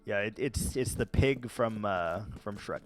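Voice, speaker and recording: A man casually chatting with viewers while playing a game, rambling and relaxed with many fillers and restarts. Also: on the low side, takes it slowly, faint music behind. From United States. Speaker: gaming vlogger. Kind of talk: casual let's-play chat answering viewers.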